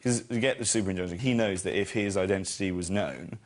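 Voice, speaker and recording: A man as a panel guest, deadpan, building a chain of comic reasoning. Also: deep voice, quick pace, heavy background noise. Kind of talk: comedy panel banter.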